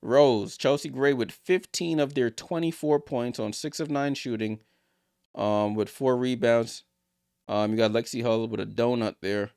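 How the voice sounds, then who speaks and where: A man hosts a live basketball watchalong stream, calling each possession and talking straight to his viewers between plays. His voice is smooth and sits at an everyday middle pitch. He is recorded on a close mic in a dry room, and he gets noticeably louder and higher when a big play happens. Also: a little slow, dry recording. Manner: excitable on big plays, chatty asides to viewers.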